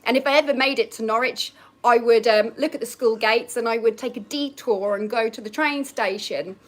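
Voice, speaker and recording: A woman's voice: a little high, moderate pace. Chatty woman telling a story outdoors. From England, Norfolk. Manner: chatty, laughs often, acts out remembered lines. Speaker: vlogger. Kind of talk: casual storytelling. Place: outdoors on a balcony.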